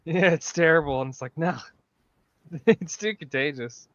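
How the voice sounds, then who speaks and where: A man's voice: a little high, unhurried, fairly bright tone, dry recording. Southern guy rambling on a group call, kinda dull mic, dry. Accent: Southern American. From American South. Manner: rambling, hesitant, many fillers. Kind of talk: casual group chat on a call.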